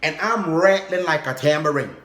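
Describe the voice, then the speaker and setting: A young man telling a funny personal story in casual vlog style, animated and comic, often checking in with "okay?". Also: on the high side, moderate pace. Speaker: vlogger. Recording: roomy echo.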